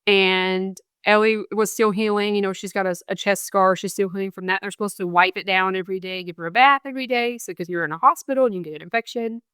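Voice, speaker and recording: A woman's voice: medium pitch, fairly even intonation, fast, hardly any pauses, a bit bright, clean tone, dry recording, studio quality. A young adult woman, a guest on a podcast interview, earnestly recounting events and quoting what people said. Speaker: guest, bereaved mother.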